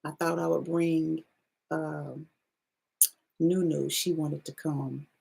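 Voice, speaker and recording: A woman's voice: sits low, level tone, takes it slowly, creaky, dark tone, husky, rough recording. A woman giving a casual spiritual card reading to her viewers in a loose, salty, chatty way.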